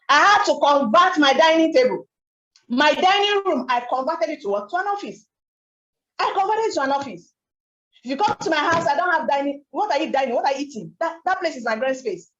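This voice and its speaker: A young woman tells her business story as a motivational talk, emphatic and animated, with rhetorical questions. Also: sits high, reverberant, muffled recording. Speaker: network marketing speaker.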